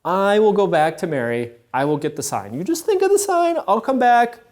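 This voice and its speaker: A man's voice: high voice, wildly swooping pitch, moderate pace, darkish tone, pitched above the performer's own voice. A man playing a humble, earnest peasant who eagerly promises to do what he is asked. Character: humble, eager indigenous man, Juan Diego.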